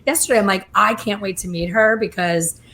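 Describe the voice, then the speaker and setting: A middle-aged woman hosting a casual chat, telling lively stories and acting out other people's voices. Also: mid-range voice, a little fast, slight background noise. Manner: animated, acts out quoted voices. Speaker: host.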